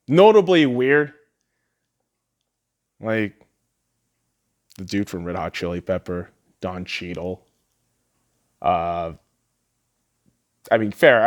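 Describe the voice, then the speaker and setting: A man hosting a podcast, ranting heatedly and sarcastically, swearing often. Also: mid-range voice. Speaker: podcast host. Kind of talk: profane solo rant.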